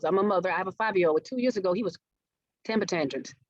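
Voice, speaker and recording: A woman presents a marketing workshop, engaging her audience and frequently asking them questions. She talks fast, with a fairly low pitch and a darkish tone. The webinar audio is dull and dry, without echo.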